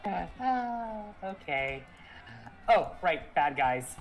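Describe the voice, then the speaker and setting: A man's voice: sits high, very animated, drawn-out words, faint music behind. A man playing in a tabletop game, describing his character's actions animatedly in the first person. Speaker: player. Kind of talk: tabletop role-play.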